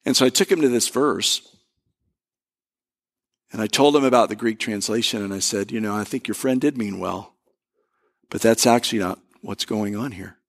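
A male pastor giving a conversational sermon, telling stories and slowing down to stress key words. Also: lowish voice. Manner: conversational preaching with storytelling and emphatic pauses.

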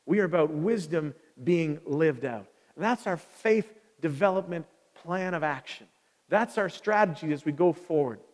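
Male pastor, sermon, conversational, asks the congregation questions, high voice, church sanctuary reverb. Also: expressive, measured pace. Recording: long reverb of a large hall.

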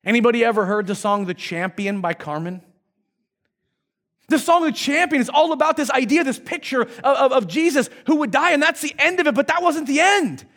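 A male pastor preaching a sermon, retelling a story in a lively, conversational way. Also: very high voice, fairly quick.

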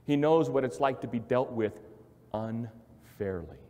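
A male pastor preaching a sermon in an emphatic, repetitive way, swinging from quiet to loud. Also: mid-range voice, unhurried. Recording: long hall reverb.

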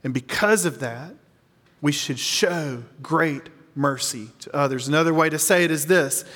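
Male pastor, slightly high voice, earnest sermon delivery, long hall reverb. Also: fairly bright tone. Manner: earnest, slows down to stress key lines.

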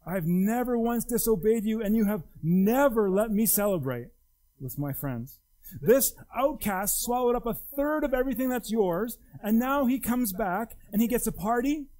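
A man's voice: on the high side, sing-song, slow pace, warm tone, poor audio. A man voicing a resentful elder brother, a young man accusing his father bitterly. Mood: indignant.

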